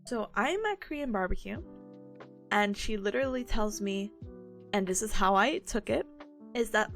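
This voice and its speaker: A woman's voice: mid-range voice, moderate pace, gravelly, pauses often, faint music behind. A woman in her twenties, a streamer, chatting casually and acting out the people in her story. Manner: animated, acts out quoted people.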